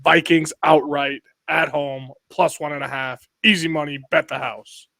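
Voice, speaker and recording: A man's voice: a little high, fairly even intonation, unhurried, creaky, pushed and bright, dry recording. A man co-hosting a sports podcast, making a hyped, slangy betting pick. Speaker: podcast co-host.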